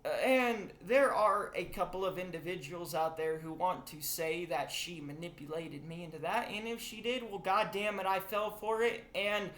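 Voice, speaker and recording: A man's voice: high voice, steady tone, moderate pace, hardly any pauses, a bit bright, echoey room. A young man vlogging a confessional rant, rambling, swearing and emotional. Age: young adult.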